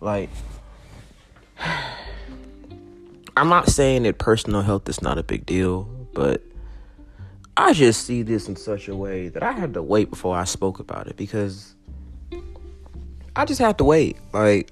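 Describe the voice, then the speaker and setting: Gravelly, animated young man ranting. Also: on the low side. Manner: slangy, laughing fits, animated swings from giggles to serious. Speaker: podcast host. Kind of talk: casual solo podcast rant.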